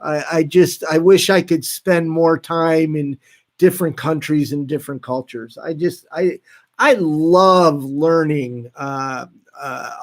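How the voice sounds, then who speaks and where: A man hosting a live stream, reading out viewer comments in a casual, halting way with frequent restarts. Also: fairly high pitch, darkish tone. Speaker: livestream host reading chat.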